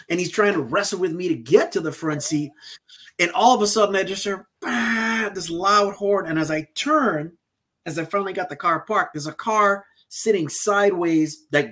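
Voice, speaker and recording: A man with a somewhat high, husky voice tells a story in a relaxed podcast conversation. He acts out the quoted lines with animation, shifting his delivery for each person he quotes.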